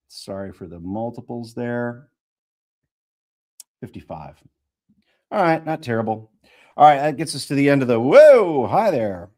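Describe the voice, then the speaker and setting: A man in his fifties reads an audiobook live on a stream, going slowly and redoing lines until they land. Between passages he chats with his viewers. His voice sits at a middle pitch. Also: very animated, darkish tone. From American Midwest. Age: 50s. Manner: slow, retakes lines, chatty and amused with the viewers' comments. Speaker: audiobook narrator and livestream host. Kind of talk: live audiobook reading and chat.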